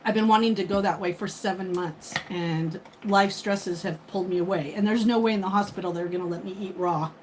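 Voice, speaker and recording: A woman's voice: medium pitch, fairly even intonation, a little fast, hardly any pauses, background noise. A woman in her forties chatting casually with her live viewers, rambling and openly emotional. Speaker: livestream host.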